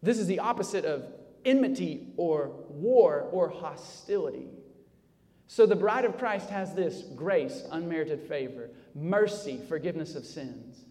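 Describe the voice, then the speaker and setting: Man, pastor, sermon, slightly high voice, soft-to-loud preaching swings, church hall reverb. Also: expressive, a little slow. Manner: preaching with sharp swings between soft low passages and loud raised emphasis. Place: church sanctuary.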